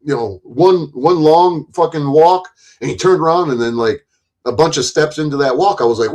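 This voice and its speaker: A man casually telling a long story in a rambling, profane way, often jumping louder and higher when he acts out quoted lines. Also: normal speed.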